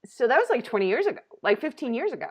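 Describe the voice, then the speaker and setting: An animated woman in her thirties hosts a comedy talk show and tells her story in loose, casual chat. Her voice sits a bit high, and she slips into lively voiced asides. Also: racing, slightly rough.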